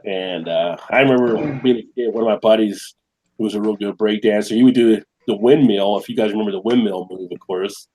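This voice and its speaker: A man's voice: lowish voice, fairly quick, mellow, slightly rough, poor audio. A man hosting a casual beer live stream, chatting loosely, reading viewer comments aloud and laughing often. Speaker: beer channel host.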